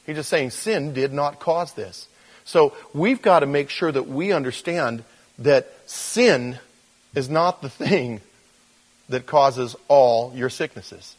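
A man preaching a relaxed, conversational sermon. He rambles a bit and leans on fillers, and now and then he jumps into the voices of the people he quotes. His voice sits at a middling pitch for a man. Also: takes it slowly, low-quality recording. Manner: casual, loose, many fillers, acts out quoted voices. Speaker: pastor.

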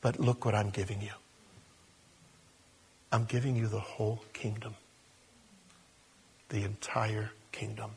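A man preaching a sermon, telling a story with animated, emotional delivery and ending in prayer. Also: fairly low pitch, breathy edge. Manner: animated storytelling, whispers and laughs, prayerful close. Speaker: pastor.

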